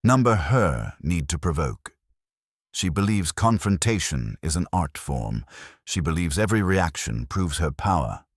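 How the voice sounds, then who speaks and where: A stout, imperious detective gives his orders in formal, clipped sentences, as a man reads him. His voice sits extremely low and slightly husky, with lively pitch. The sound is dry and close. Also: unhurried, no echo, heavily acted. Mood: measured.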